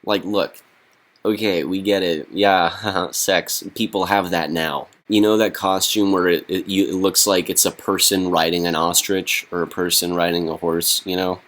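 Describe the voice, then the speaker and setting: A young man delivering a deadpan comedy monologue, halting and full of fillers. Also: low voice. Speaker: comedy vlogger.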